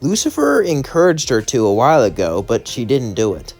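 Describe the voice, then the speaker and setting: A man's voice: medium pitch, wildly swooping pitch, brisk, darkish tone, faint music behind. A man casually narrating a what-if fan story, rambling with fillers and asides.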